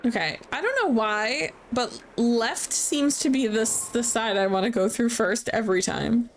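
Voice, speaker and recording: A woman's voice: a little high, a little slow, slight background noise. A woman streaming a game, chatting casually, laughing often and swearing freely. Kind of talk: casual let's play commentary. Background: faint game music.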